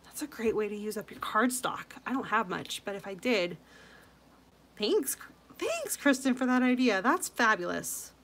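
A woman hosting a scrapbooking channel, chatting casually and gushing over viewers' layouts, with frequent soft asides. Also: medium pitch, moderate pace, hardly any pauses, a little hiss or hum.

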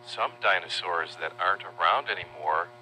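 A man slowly teaching young children animal names, patient and sing-song, spelling words letter by letter and imitating animal sounds. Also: deep voice, sharp tone, slight background noise. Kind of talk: slow, simple teaching narration for young children.

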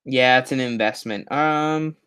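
A man's voice: medium pitch, a little slow, a bit bright, clean tone. A man hosting a casual live stream, rambling and chatty, with self-mocking asides as he fumbles through his setup. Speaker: host of a Halloween prop channel live stream.

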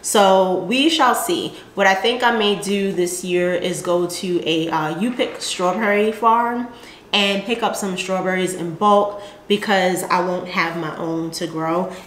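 A woman's voice: lowish voice, unhurried, reverberant, slight background noise. A woman hosting a gardening channel, chatting casually and rambling with lots of fillers as she shows her seed packets. She speaks with a Southern American accent.

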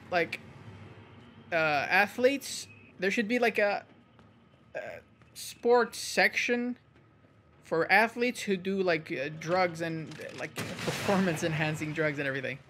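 A man's voice: high-pitched, takes it slowly, bright, forceful tone, slight background noise. A man giving casual, jokey commentary while playing a game, rambling, swearing and muttering to himself. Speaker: gaming channel host.

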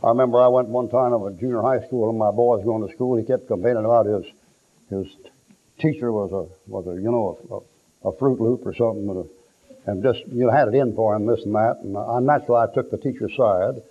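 Folksy preacher on a tinny recording. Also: male voice, on the low side, steady tone, fairly quick. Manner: folksy storytelling, acts out quotes, shouts for effect. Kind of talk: sermon. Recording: tinny lo-fi phone-like sound.

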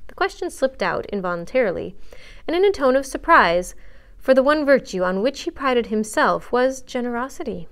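A woman's voice: fairly high pitch, lively intonation, normal speed, fairly bright tone, smooth. Woman reading a classic novel aloud. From United States. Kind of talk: children's story time read-aloud.

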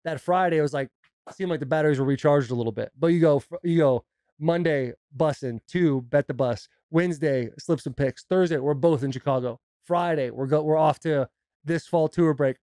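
A man co-hosting a podcast, telling animated stories in casual chat and mimicking his kids' voices. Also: on the high side, normal speed, dry recording. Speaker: podcast co-host.

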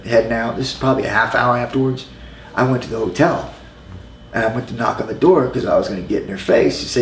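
A middle-aged man telling an anecdote as an interview guest, in a loose, halting way with lots of "you know" asides. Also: medium pitch. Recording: roomy with faint ambient noise.

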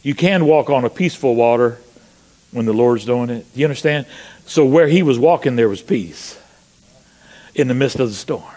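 Man, pastor, church sermon, mid-pitched voice, rhetorical questions, loud high bursts on quotes. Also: normal speed. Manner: animated preaching, rising to loud high cries when quoting scripture; asks the congregation rhetorical questions. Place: church sanctuary.

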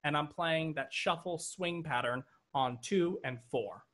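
A man teaching drums over a video call, his voice pitched a little high. He explains each pattern step by step and keeps checking in with his students. A drum kit plays loudly behind his talk. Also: measured pace, over music. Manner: explains steps, checks in with okay. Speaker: drum instructor. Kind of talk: online drum lesson. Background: drum kit playing.

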